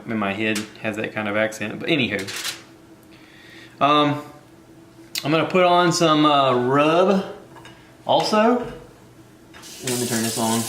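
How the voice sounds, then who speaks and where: A man's voice: medium pitch, fairly bright tone, reverberant, slight background noise. A man hosting a casual cooking video from his home kitchen, rambling and joking at his own expense. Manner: rambling, jokey, self-deprecating.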